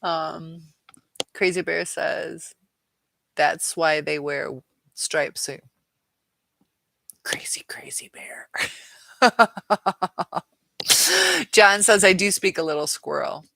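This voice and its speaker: Low gravelly woman hosting a chat. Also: fairly even intonation, slow, a bit bright, dry recording. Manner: chatty, laughs often, trails off while reading comments. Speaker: live chat host. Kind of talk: casual live chat reading viewer comments.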